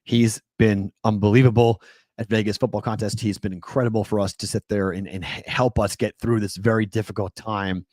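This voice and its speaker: Excitable sports radio host, dry studio. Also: male voice, lowish voice, a little fast, dry recording. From New England. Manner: animated, excitable storyteller with many fillers and restarts. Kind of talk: casual sports talk storytelling.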